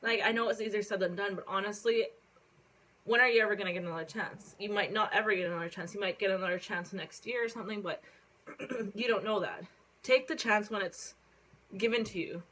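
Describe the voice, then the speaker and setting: A young woman from Canada telling a casual story on her phone vlog, rambling with lots of fillers and casual swearing while she hiccups and keeps clearing her throat. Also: mid-range voice, a little fast, fairly bright tone, slight background noise, low-quality recording. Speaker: vlogger.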